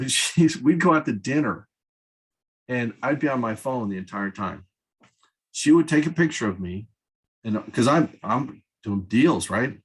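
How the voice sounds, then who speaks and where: A man in his fifties, appearing as a podcast guest, speaks earnestly and emphatically in candid conversation, repeating words for stress. His medium-pitched voice is husky, and the recording is rough.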